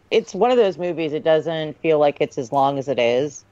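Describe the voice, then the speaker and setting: A man's voice: on the high side, lively intonation, normal speed, mellow, no echo, dull audio. A man co-hosting a movie commentary podcast in laid-back, casual chat. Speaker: podcast co-host.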